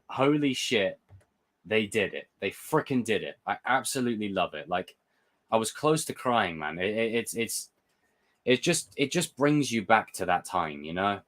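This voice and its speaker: A young man hosting a live chat, excitable and swearing, answering viewer comments. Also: on the low side, moderate pace. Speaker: livestream host reviewing a TV episode. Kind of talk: casual live reaction chat.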